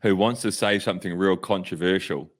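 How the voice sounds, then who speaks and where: Deep voiced aussie podcast guy, rambly, keeps restarting sentences. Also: brisk. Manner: rambling, with restarts and trailing thoughts. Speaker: podcast co-host. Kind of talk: casual chat.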